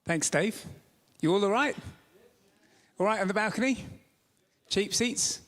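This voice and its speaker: Male pastor, high voice, conversational and humorous sermon, recorded in a church with a long reverb tail. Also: measured pace. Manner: chatty, joking, animated storytelling. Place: church sanctuary.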